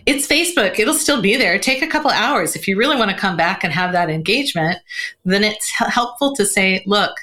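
A woman talking as a guest on a podcast interview, animated and laughing often, with lots of "um" and "you know". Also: mid-range voice, a little fast. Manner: animated, acts out quoted voices, laughs often; frequent fillers like "um" and "you know". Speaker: guest, communication coach.

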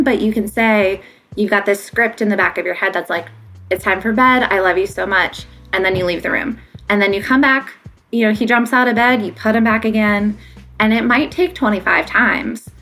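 A child sleep consultant offers casual parenting advice on sleep, chatty and filler-heavy, sometimes acting out what parents and kids say. Her voice is medium-pitched, a bit bright, at a normal pace, over soft background music.

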